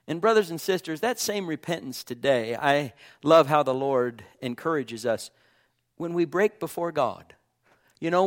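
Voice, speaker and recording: Earnest male preacher, hushed at times. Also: fairly high pitch. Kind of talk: sermon.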